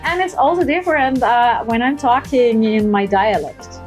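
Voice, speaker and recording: A woman's voice: a little high, normal speed, darkish tone, soft background music. A young woman from Austria, a native German speaker with an Austrian German accent, chatting as an interview guest. She laughs easily and hesitates often with fillers. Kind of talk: casual interview chat.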